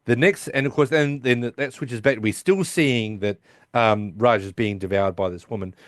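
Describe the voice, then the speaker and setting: A man's voice: medium pitch, moderate pace, no echo. Male podcast co-host, casual recap voice, dry close mic. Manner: retells scenes with quoted lines.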